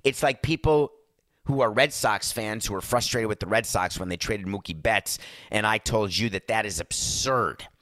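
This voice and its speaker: A man's voice: lowish voice, moderate pace, fairly bright tone, no room sound, clean studio sound. A man hosting a sports talk show, delivering an emphatic, sarcastic monologue. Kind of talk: opinionated sports radio monologue.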